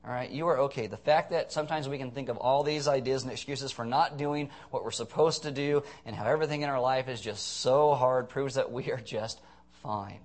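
A man's voice: medium pitch, a little fast. A man preaching a conversational sermon, earnest with blunt, sarcastic asides.

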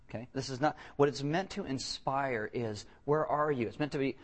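A man's voice: medium pitch, fairly quick, few pauses. A male pastor preaching a sermon with humor, acting out voices for the people he quotes. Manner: animated, joking, acts out quotes in voices.

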